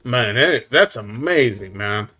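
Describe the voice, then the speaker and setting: A man hosting a casual barbecue livestream, chatting loosely with viewers and giving shout-outs. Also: medium pitch, lively intonation, slow, soft background music. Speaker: livestream host.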